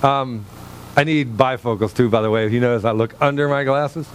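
A male pastor preaching a sermon from a low stage in a church, animated and joking with the congregation. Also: normal speed, a little hiss or hum. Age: older than 37. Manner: animated, humorous, talks straight to the congregation.

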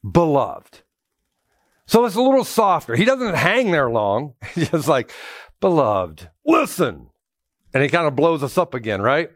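Animated joking male pastor, dry sound. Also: fairly high pitch, a little fast, hardly any pauses, dry recording. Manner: joking, animated storytelling with congregation call-outs. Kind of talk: conversational sermon with personal stories.

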